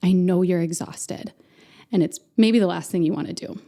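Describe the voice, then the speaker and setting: A woman in her thirties talks candidly as a podcast guest, earnest and open. Her voice is a touch low, with a mellow warmth and a gravelly fry at the edges. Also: normal speed. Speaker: podcast guest, center founder. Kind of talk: conversational interview.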